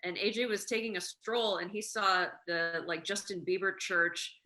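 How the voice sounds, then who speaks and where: A woman's voice: medium pitch, steady tone, moderate pace, sharp tone, low-quality recording. A woman, a writer and co-director, telling a chatty anecdote in a casual interview, with lots of filler words.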